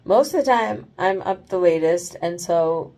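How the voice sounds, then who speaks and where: A tired woman rambles through a casual late-night vlog at home after oral surgery, moving from bed to bathroom, full of fillers and free swearing. Her voice is lowish and mellow, animated but a little slow.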